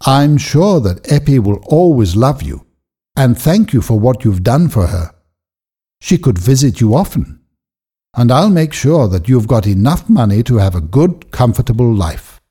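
A wealthy gentleman presses his case earnestly, voiced by a male narrator. The delivery is slow and mellow with a husky grain. His tone rises and falls in lively sweeps. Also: mid-range voice, exaggerated voice. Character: wealthy gentleman, pleading then agitated.

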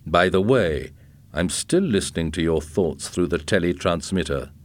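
A man reading aloud and voicing a calm, menacing police officer who speaks coolly and matter-of-factly. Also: deep voice, normal speed.

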